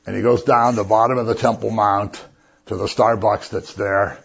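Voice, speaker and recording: A man's voice: on the low side, fairly even intonation, normal speed, creaky, breathy edge. A man preaching a sermon as a pastor, conversational and joking as he retells the story. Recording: dull lo-fi recording.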